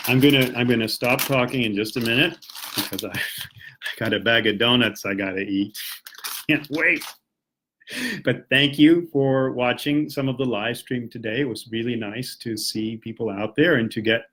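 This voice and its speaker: A man from the United States teaching English on a casual live stream, encouraging viewers and reading their comments as he goes. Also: mid-range voice. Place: home, Japan.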